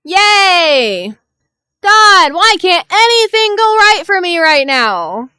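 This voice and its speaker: A woman's voice: extremely high pitch, sing-song, slow pace, sharp tone, no room sound, clean studio sound. A young adult woman streamer venting in an exasperated, profane rant. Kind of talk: venting live-stream chat.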